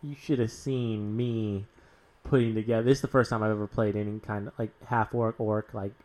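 A man's voice: fairly low pitch, fairly even intonation, brisk, darkish tone. A young man co-hosting a casual talk about role-playing games, laughing easily and swearing now and then. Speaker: podcast co-host.

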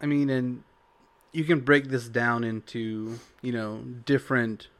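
A man's voice: mid-range voice, steady tone, unhurried. A young man co-hosting a casual talk about tabletop role-playing, rambling with lots of fillers. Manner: rambling, full of "like" and "you know". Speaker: podcast co-host.

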